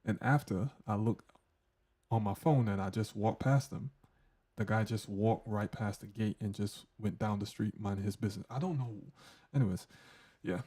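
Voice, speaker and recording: A man's voice: on the low side, moderate pace, mellow, breathy edge. A man hosting a casual hands-on audio tutorial, joking loosely and talking through settings as he tests them. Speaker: tech tutorial host.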